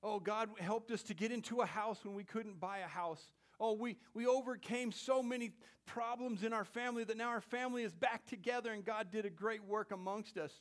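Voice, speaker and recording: A man with a fairly high voice preaches a sermon to his congregation in church. He swings from loud, excited exclamations to hushed whispers and teases the crowd in a playful way. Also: a little fast, hardly any pauses. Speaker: pastor.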